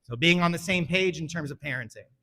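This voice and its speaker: A man in his forties addresses parents at a school town hall in a relaxed, conversational way. His voice sits a little higher than most men's. He often checks in with the crowd by asking "right?" and slips into quoted voices from home. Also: fairly quick. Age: 40s. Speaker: school principal. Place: school meeting room.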